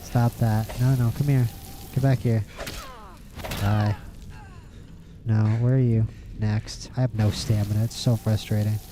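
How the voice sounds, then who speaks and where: A man's voice: on the low side, little pitch movement, unhurried, long pauses, background noise. A man giving casual, rambling gameplay commentary as a streamer, playful and prone to repeating words in bursts. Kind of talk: casual let's-play commentary.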